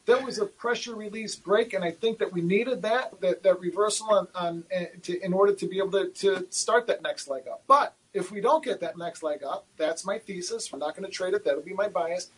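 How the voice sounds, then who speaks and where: Man, futures trader guest, husky, high-pitched, animated, self-deprecating. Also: a little fast, few pauses, low-quality recording. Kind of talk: candid livestream Q&A answers.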